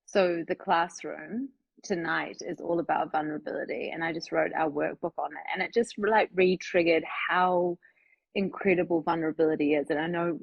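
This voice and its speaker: Woman guest on a livestream, husky, dry sound, bubbly and rambling. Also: sits low, fairly even intonation, moderate pace, no room sound, lo-fi sound. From New Zealand. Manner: bubbly, laughs often, rambling. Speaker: guest, sex coach. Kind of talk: casual chat on a live stream.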